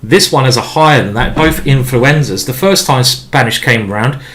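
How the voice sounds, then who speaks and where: Guy streaming chess, thinking out loud, rambly and chatty, lots of restarts. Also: mid-range voice, moderate pace. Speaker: chess grandmaster streaming a game. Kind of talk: live-stream chess commentary, thinking aloud.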